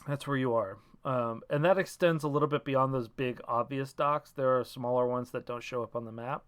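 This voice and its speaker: A man's voice: medium pitch, normal speed, a bit bright, clear, resonant tone. A man running a tabletop game as game master, explaining and narrating with frequent hesitations. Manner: hesitant, many ums.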